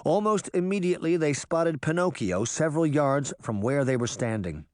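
Male audiobook narrator, animated and a touch high, dry close recording. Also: normal speed, dry recording. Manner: lively storytelling voices. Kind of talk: scripted narration.

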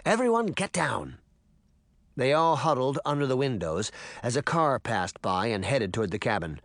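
A man's voice: mid-range voice, moderate pace, no room sound. A man narrating a children's fantasy novel as an audiobook. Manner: expressive storytelling. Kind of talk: scripted narration.

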